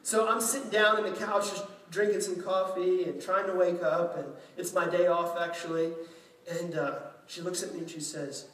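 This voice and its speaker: A man's voice: high-pitched, flat delivery, normal speed, a bit bright, a little hiss or hum. A male pastor from Louisiana preaching in a chatty, self-deprecating way, acting out quotes. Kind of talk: sermon. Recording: echoey room, mic at a distance.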